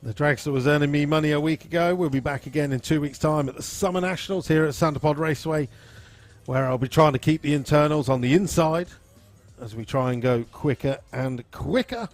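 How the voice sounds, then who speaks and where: A man, hosting a live stream in an easygoing, rambling way and reading out viewer comments and shout-outs. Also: on the high side, fairly quick, faint music behind. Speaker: live-stream host at a drag racing venue.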